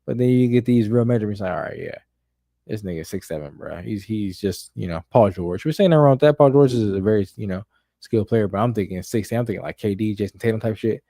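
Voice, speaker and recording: A man's voice: on the low side, quick pace, gravelly, dark tone, no room sound, clean studio sound. A young man co-hosting a sports podcast, talking emphatically and profanely in casual chat. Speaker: podcast co-host.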